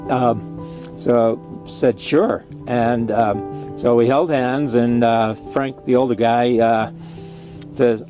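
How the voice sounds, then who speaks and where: A man telling a personal story in a halting way, with many pauses and fillers. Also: mid-range voice, fairly even intonation, warm tone. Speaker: interviewee, nomad. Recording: guitar music playing underneath. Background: guitar music.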